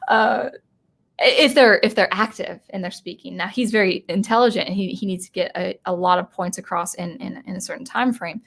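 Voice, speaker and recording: A woman's voice: mid-range voice, gravelly. Woman musing aloud on a live stream. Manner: thinking aloud, halting with restarts. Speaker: channel host and teacher. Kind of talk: live-stream commentary answering chat.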